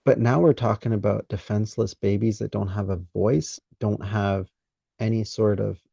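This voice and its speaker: A man hosts a conversational podcast interview, speaking in a measured, deliberate way and pausing mid-thought. His voice is low and gravelly with a dark, mellow timbre. The sound is dry and dull, like a lo-fi call recording. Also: steady tone, no echo. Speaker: podcast host.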